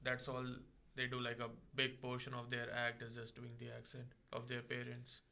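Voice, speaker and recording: A man's voice: medium pitch, completely flat delivery, normal speed, creaky, sharp tone. A man guest on a casual panel, giving brief plain answers.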